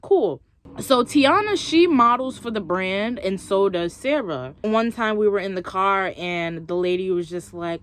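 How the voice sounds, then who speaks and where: A woman's voice: mid-range voice, animated, normal speed, a bit bright. A young woman vlogging, chatting expressively as she tells a story and acts out what others said. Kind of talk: casual storytelling to camera.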